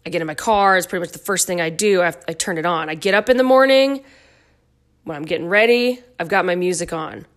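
A middle-aged woman hosts her own dance fitness podcast solo, chatty and goofy with playful asides. Her voice is on the low side, fast, and a bit bright.

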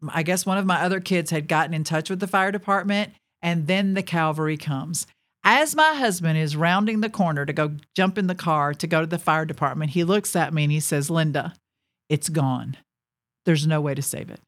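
This is a woman in her forties, a ministry speaker, whose voice is lowish. She gives her personal testimony as an animated storyteller, laughing between lines and speaking right to her audience.

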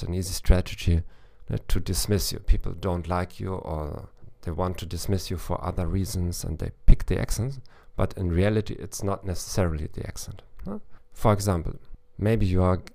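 Gravelly low-voiced man giving advice. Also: steady tone, moderate pace, few pauses, darkish tone. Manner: thoughtful, with frequent restarts and fillers. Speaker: language coach podcast host. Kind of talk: solo advice podcast.

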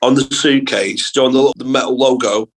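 A young man, a comedian guest on a podcast, telling animated school anecdotes in casual chat with plenty of swearing. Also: mid-range voice, fast talker, husky, poor audio.

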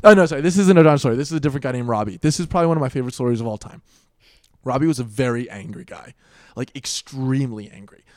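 A young man in his twenties telling wild party stories in casual chat, swearing a lot and acting out quotes loudly. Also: mid-range voice, rapid-fire, no room sound, studio quality.

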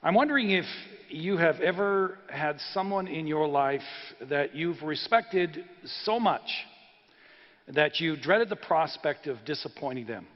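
A man's voice: on the high side, lively intonation, measured pace. A man preaching a sermon in an earnest, conversational way, with frequent hesitations. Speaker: pastor. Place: church sanctuary. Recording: reverberant church hall, dull sound.

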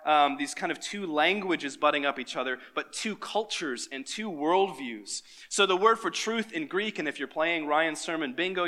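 Man, pastor, sermon, bright tone, slightly high pitch, lively and engaging with the crowd. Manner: engaging, quizzes the congregation.

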